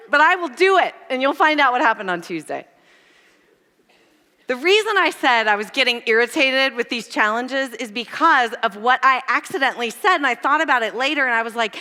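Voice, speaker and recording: A woman giving a sermon, telling funny stories about herself in an animated, self-mocking way. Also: high-pitched, moderate pace, big-room sound. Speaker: church speaker. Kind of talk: sermon with personal storytelling. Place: church auditorium.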